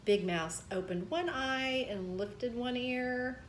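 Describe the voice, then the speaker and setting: Gentle lady reading a kids story, slow and kinda high, echoey room. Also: a little hiss or hum. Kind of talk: children's read-aloud. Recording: roomy echo.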